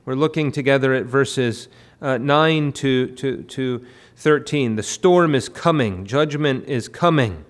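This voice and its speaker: A man preaching a sermon at a midweek prayer meeting, often pausing with fillers and repeated words. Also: mid-range voice. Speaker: pastor. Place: church.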